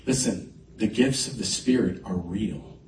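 A man preaching a sermon as a pastor, telling a personal story in an animated way with swings in loudness. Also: lowish voice, a little slow, over loud music. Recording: echoey hall mic from a distance.

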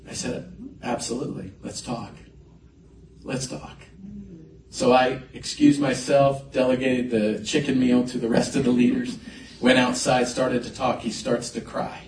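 A man preaching a sermon as a pastor, telling a personal story in an animated way with swings in loudness. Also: mid-range voice, moderate pace, slight background noise. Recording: echoey hall mic from a distance.

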